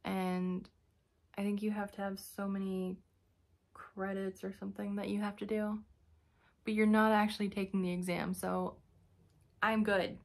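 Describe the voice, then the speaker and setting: A woman's voice: medium pitch, flat delivery, moderate pace, vocal fry. A young woman giving a casual vlog update, telling a story in a chatty, exasperated way with sighs and fillers. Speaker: vlogger.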